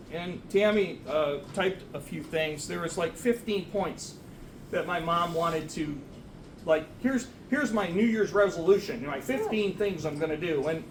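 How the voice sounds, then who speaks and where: A man's voice: a little high, roomy sound, distant mic, slight background noise, low-quality recording. A man, the son of the deceased, speaking at a memorial service in a church, rambling and self-deprecating. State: getting emotional. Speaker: son giving a eulogy. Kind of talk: memorial speech. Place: church sanctuary.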